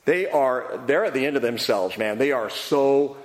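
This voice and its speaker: A man preaching a sermon, earnest and emphatic, swinging between quiet and loud. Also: mid-range voice, animated, normal speed. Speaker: pastor. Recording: long hall reverb.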